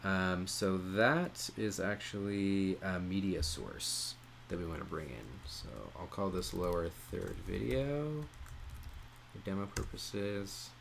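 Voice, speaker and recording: Low-voiced man talking through software steps. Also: vocal fry, slight background noise. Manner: relaxed, many "um" pauses, explains step by step. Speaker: streaming tutorial presenter. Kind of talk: casual screen-share tutorial.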